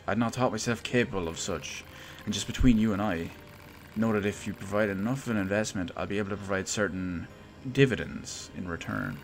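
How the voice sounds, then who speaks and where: A man voicing a boastful male robot inventor who speaks in grand, old-fashioned phrases and pitches for money. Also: brisk, soft background music, natural voice. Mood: pompous.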